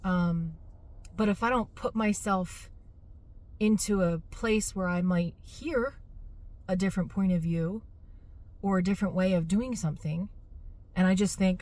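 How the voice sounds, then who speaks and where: A woman's voice: medium pitch, measured pace, a little mellow. A middle-aged woman chatting casually to camera in a vlog, exasperated and laughing at herself. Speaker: fitness business owner.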